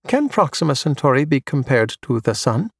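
A man voicing a patient male robot tutor who speaks in a flat, monotonous way. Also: medium pitch, moderate pace, vocal fry, dry recording, studio quality. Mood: even.

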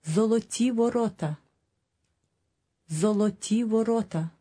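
A woman speaks slowly as a model for learners, pronouncing each phrase with careful, deliberate enunciation. Her voice is mellow and slightly husky. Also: medium pitch. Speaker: native-speaker model in a language course. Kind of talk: slow model pronunciation for repetition.

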